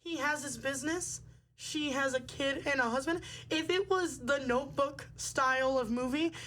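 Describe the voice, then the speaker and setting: A woman's voice: high-pitched, normal speed, fairly bright tone, rough recording. A young woman hosting a podcast, talking in a bubbly, chatty way with lots of fillers. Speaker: podcast host. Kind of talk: casual chat.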